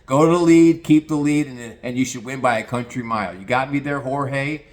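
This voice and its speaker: A man voicing a gruff, blunt older male horse trainer barking profane orders. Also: mid-range voice, normal speed, lightly acted. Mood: bossy.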